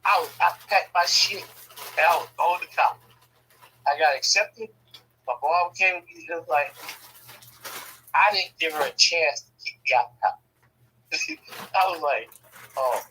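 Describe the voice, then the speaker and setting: A man telling a family story casually, profane and animated, often laughing. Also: on the high side, normal speed, pauses often, a little hiss or hum, rough recording.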